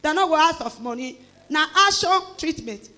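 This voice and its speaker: Animated Nigerian Pidgin woman giving testimony. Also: high-pitched, moderate pace. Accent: Nigerian Pidgin English. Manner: animated storytelling, acting out quoted voices with emphatic exclamations. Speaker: church member giving testimony. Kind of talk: emotional church testimony.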